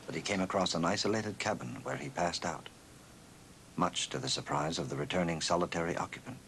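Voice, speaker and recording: A man delivering measured, scripted documentary narration. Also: sits low, background noise.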